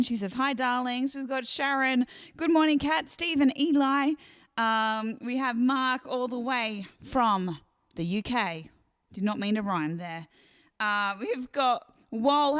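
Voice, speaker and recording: A woman with an Australian accent, a singer, hosts a casual live stream, chatting, laughing often and reading out viewer comments. Her voice is a little high, a bit bright and clean in tone.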